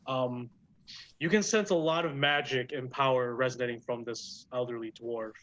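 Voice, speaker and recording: A man's voice: mid-range voice, normal speed, a bit bright. Man game master, hesitant, lo-fi. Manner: hesitant, many ums and restarts. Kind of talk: narrating a tabletop game. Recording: dull lo-fi sound.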